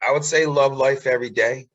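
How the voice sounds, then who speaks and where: A man's voice: mid-range voice, steady tone, fairly quick, fairly bright tone, dry recording. Man guest in a casual interview, earnest, keeps repeating stuff to encourage people, dull dry lo-fi audio.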